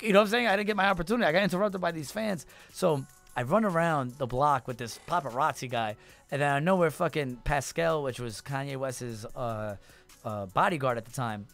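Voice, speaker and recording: A man in his thirties, a rapper guest, telling a long story in a lively, profane way and acting out the people in it. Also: fairly high pitch, quick pace, vocal fry, soft background music. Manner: animated, profane, acts out voices in his story. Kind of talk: casual storytelling.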